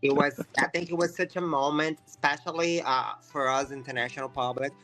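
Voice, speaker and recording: A man's voice: medium pitch, fairly even intonation, brisk, sharp tone, soft background music. A man hosting an interview, offering admiring remarks and congratulations to his guest. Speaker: interviewer, channel host. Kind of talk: enthusiastic interview questions.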